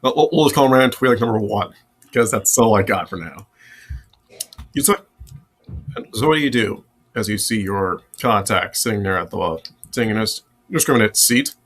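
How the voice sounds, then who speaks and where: A man's voice: lowish voice, moderate pace, pauses often, fairly bright tone. A man narrating a tabletop role-playing game as game master, rambling and restarting sentences.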